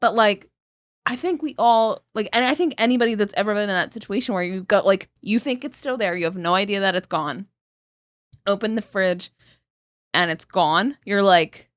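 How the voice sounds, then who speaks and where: A woman's voice: mid-range voice, moderate pace, dry recording, clean studio sound. A young woman co-hosting a comedy podcast, teasing and laughing as she talks, swearing casually. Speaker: podcast co-host.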